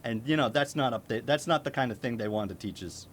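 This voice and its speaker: A man's voice: medium pitch, quick pace, a little hiss or hum. A man from Maine streaming casually, blunt and profane, laughing often and breaking into incredulous outbursts. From Maine, United States. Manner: exclamatory, with sudden incredulous outbursts. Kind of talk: casual reaction commentary.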